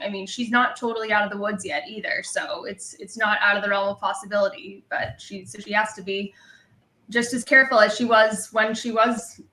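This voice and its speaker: Woman guest on a stream, earnest, rambly, bright tone, roomy echo. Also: medium pitch. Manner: earnest, talks in long hedged run-ons. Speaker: livestream guest. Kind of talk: casual livestream chat. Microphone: online video call.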